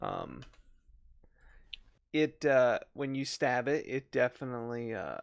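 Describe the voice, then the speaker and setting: A man narrating a tabletop game as dungeon master, relaxed and halting, with many fillers. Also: medium pitch, gravelly, clean tone, dry recording.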